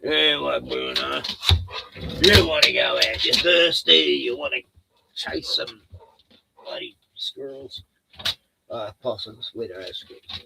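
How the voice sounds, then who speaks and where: Gravelly, slow-talking Australian man. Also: medium pitch, lively intonation, heavy background noise. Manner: profane, chatty, laughs often, coos at his dog. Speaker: streamer. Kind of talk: rambling casual monologue.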